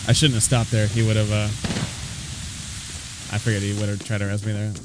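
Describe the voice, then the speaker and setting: A man streaming a video game, giving casual running commentary with quick reactions. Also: fairly low pitch, little pitch movement, heavy background noise. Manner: casual, talks to himself while playing, quick reactions. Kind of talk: live gameplay commentary. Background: game music and sounds.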